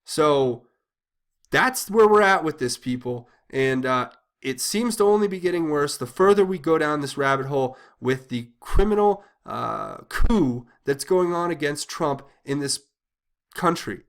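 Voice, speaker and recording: A man's voice: on the high side, animated, a little slow. Agitated, indignant man ranting. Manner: agitated, indignant, repeats himself with many restarts. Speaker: political commentary channel host. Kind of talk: impassioned political commentary monologue.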